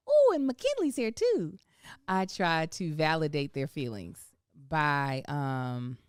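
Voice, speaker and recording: A woman's voice: low voice, smooth, no echo, studio quality. A woman in her thirties co-hosting a podcast, talking candidly and reflectively about parenting with frequent laughs. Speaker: podcast co-host. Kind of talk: casual chat.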